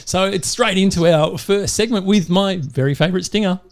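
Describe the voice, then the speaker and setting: A man's voice: sits high, moderate pace. Upbeat Australian man hosting a podcast. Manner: upbeat, chatty, laughs easily. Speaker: podcast host. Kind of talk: casual chat.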